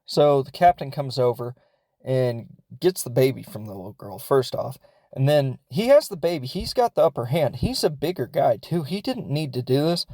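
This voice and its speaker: A man's voice: mid-range voice, very animated, moderate pace, dark tone, no echo. Rambly guy retelling a movie plot on his podcast, tons of "like" and "you know", laughs along, dry close sound. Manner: rambling and chatty, many fillers; laughs as he talks. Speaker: podcast host. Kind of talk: casual film recap.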